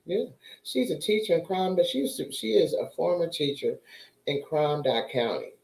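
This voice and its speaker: A woman's voice: deep voice, moderate pace, vocal fry, darkish tone, reverberant, rough recording. A woman chatting casually to her viewers, telling a story and acting out the voices of the people in it. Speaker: vlogger.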